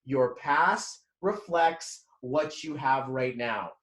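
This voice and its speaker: A man's voice: mid-range voice, slow pace, a bit bright, echoey room. A man in his thirties giving a candid motivational talk about his past, swearing freely and acting out old conversations while walking. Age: 30s. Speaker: motivational vlogger. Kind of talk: personal motivational monologue.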